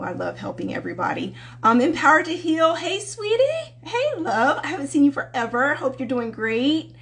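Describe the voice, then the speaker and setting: A woman love coach hosting a live-stream Q&A, chatting casually and affectionately with viewers and calling them sweetheart. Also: on the high side.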